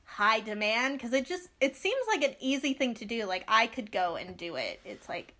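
A young woman co-hosting a podcast, chatting casually and ranting in animated bursts with quick asides. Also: a little high. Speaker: podcast co-host. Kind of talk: casual chat.

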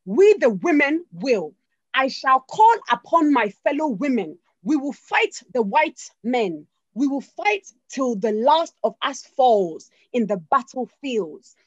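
A woman voicing a defiant queen mother with a put-on accent, declaiming slowly, loudly and forcefully. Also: high voice, very animated, dry recording, heavily acted. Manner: slow, loud, forceful declaiming. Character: defiant queen mother rallying her people. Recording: dull lo-fi dry recording.

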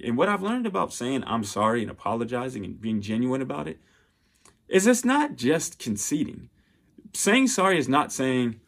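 A man's voice: mid-range voice, very animated, normal speed, husky. Earnest male speaker, heartfelt advice-style monologue. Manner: earnest and heartfelt, many restarts and fillers. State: getting emotional. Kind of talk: personal motivational monologue.

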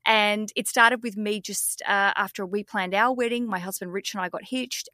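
A woman's voice: medium pitch, sharp tone, no echo, clean studio sound. A woman with an Australian accent, hosting a podcast in casual, swearing, self-mocking chat. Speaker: podcast host.

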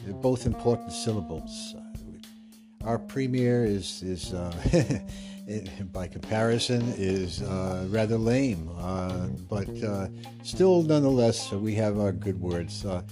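A man's voice: fairly low pitch, takes it slowly, music in the background. An American man hosting a podcast in casual, rambling talk full of fillers and restarts. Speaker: podcast host.

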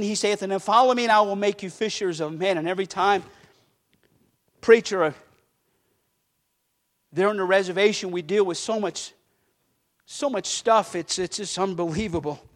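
A high-pitched man preaching a sermon as a pastor. He builds to loud, fervent declarations, then drops into soft, earnest asides to the congregation. The voice sits well above the usual male range. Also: normal speed, long pauses.

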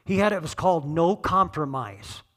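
A middle-aged man preaching a sermon, conversational and joking, rising to shouts on key points. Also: fairly high pitch, animated, normal speed. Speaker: pastor.

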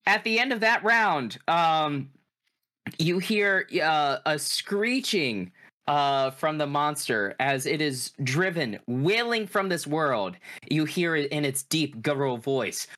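A man's voice: a little high, expressive, sharp tone. Man casually narrating a horror game. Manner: casual, halting, many restarts. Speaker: game master.

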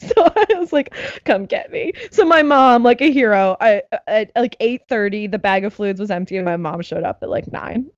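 A young woman telling a story in casual chat, animated and laughing, acting out what others said. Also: medium pitch, normal speed, dry recording, lo-fi sound. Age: young adult.

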